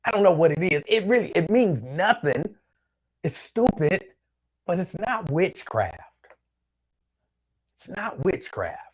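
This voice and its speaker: A man hosting his own show speaks slowly in a high, sing-song, slightly rough voice with long pauses. Chatting casually on his own, he reads out viewer comments in a loose, rambling way that repeats itself.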